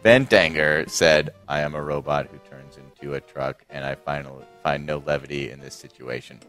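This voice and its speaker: A man on a casual podcast, reading listener messages in a deadpan voice and often breaking into laughter. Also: very deep voice, normal speed, faint music behind.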